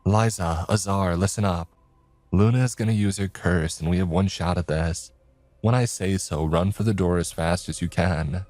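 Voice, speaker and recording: A man's voice: low voice, moderate pace, a little mellow, dry recording, soft background music, lightly acted. A man voicing a resolute young woman who gives firm commands. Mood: commanding.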